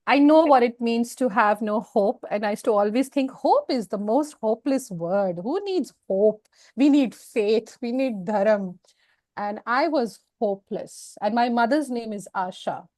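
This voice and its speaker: A woman speaking as an interview guest, telling a personal story in a frank, emotional, expressive way. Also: on the high side, measured pace, no room sound.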